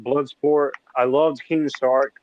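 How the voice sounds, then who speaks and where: A man casually sharing his ranked list of favorite films, chatting in a relaxed way with a friend. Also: medium pitch, slow pace, lo-fi sound, slight background noise. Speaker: guest film fan. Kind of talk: casual chat.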